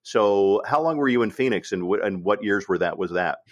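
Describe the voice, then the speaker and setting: A male radio host with a very deep voice keeps the chat relaxed and easygoing. He trades stories with his guest and laughs easily. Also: fairly quick. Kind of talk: casual interview chat.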